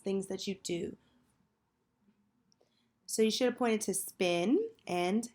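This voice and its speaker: Woman, teacher, phonics lesson for kids, unhurried, patient, mid pitch. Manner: slow, patient, call-and-response prompting.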